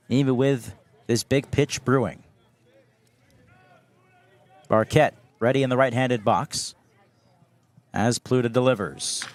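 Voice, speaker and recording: Young man calling baseball play-by-play. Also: mid-range voice. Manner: steady calls that rise sharply on big plays. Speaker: play-by-play announcer.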